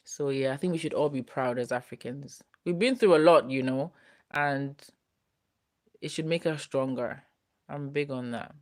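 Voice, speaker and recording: A woman's voice: very deep voice, normal speed. A young woman, chatting casually on a live stream as she reads viewer comments. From United Kingdom. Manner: chatty, relaxed, talks straight to viewers. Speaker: host reading viewer comments.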